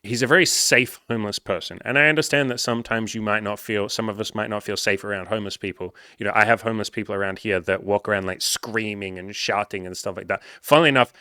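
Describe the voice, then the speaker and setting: Animated young man, bright dry voice. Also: fairly low pitch, fast, hardly any pauses, no echo. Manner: animated, swears freely, many "like" fillers. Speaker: podcast host reading comments. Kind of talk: casual storytelling.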